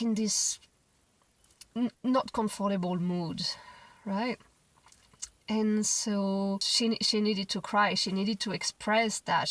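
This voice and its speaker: A young mother telling a personal parenting story to camera in a gentle, reflective way, often restarting her sentences. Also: mid-range voice, dry recording, far from the mic, rough recording. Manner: reflective, gentle, with frequent restarts and soft quoted asides.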